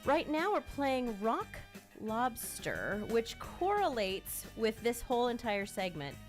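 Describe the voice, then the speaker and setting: A woman's voice: a little high, sing-song, takes it slowly, soft background music. A woman hosting a casual radio talk show, playful and teasing.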